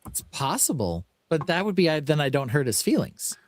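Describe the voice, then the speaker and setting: A man's voice: on the high side, big pitch swings, brisk, slight background noise. A man hosting a podcast, bantering casually and teasing his co-host with mock-serious asides.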